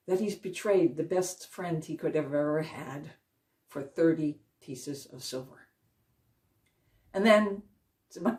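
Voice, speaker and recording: A woman giving a Christian devotional talk, retelling a Bible story in an earnest way and slowing down to stress key moments. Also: on the low side, mellow. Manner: earnest retelling, slows for emphasis. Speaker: Christian speaker. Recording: voice a little distant from the mic.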